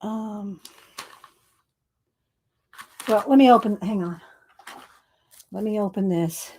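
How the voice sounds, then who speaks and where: A woman's voice: medium pitch, slow, mellow. A woman chatting casually as she unboxes craft mail. She giggles often, keeps saying "hang on", and sounds a little out of breath. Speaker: craft vlogger. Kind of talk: casual chat.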